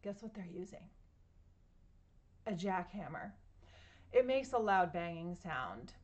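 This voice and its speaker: Slow, playful woman reading aloud. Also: lowish voice, very animated. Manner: playful, imitating sounds and asking listeners questions. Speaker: storytime reader. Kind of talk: reading a picture book aloud to children.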